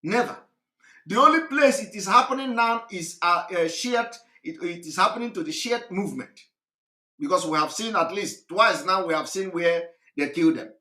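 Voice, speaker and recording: Guy doing a live broadcast, rambling and jokey, bright voice, echoey room. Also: high-pitched, expressive, moderate pace. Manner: rambling, laughs often, retells stories comically. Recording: roomy echo.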